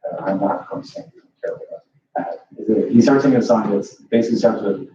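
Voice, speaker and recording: A man with a low, mellow voice narrates a tabletop game as its dungeon master, rambling along with plenty of "like" and "uh". He sits well back from the mic in a very echoey room, and the recording is dull with a faint hiss. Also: normal speed, far from the mic. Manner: rambling, many fillers and "like".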